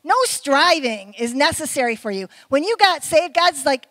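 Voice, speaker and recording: Middle-aged woman preacher, conversational sermon style, high-pitched, dry sound. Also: expressive, fairly bright tone, no echo, low-quality recording. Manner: conversational, with quick asides and questions to the audience.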